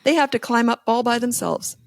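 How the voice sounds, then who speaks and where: A woman's voice: on the high side, fairly quick, vocal fry, dry recording, clean studio sound. A woman speaking as a parenting coach guest in a casual podcast interview, blunt, emphatic and sure of herself. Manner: blunt, emphatic and self-assured.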